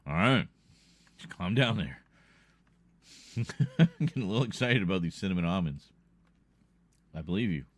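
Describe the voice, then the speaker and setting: A man's voice: low voice, lively intonation, measured pace, long pauses, no echo. A man hosting a livestream in loose, rambling casual chat, often breaking into laughter. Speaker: livestream host.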